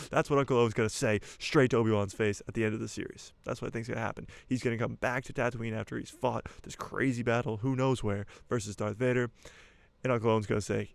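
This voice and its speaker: An excitable young man hosting his own fan channel, jokey and quick to change pace. His voice is middle-pitched and the sound is dry and close. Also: gravelly, dry recording. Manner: excitable, jokey, speeds up and slows down. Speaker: YouTuber host. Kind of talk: casual fan commentary.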